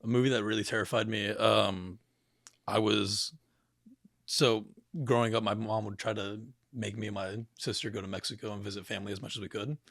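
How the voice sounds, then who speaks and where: Young man, podcast guest, low gravelly voice, loose rambling delivery, dry close mic. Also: little pitch movement, a little fast, fairly bright tone, no echo. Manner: rambling, swears often, many fillers. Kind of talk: casual podcast chat.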